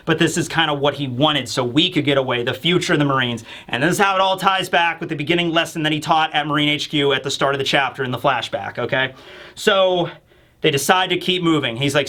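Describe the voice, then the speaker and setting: Brief: enthusiastic, rambling male manga reviewer, bright tone. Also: fairly high pitch. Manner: enthusiastic, rambling, acts out lines. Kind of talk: casual manga review chat.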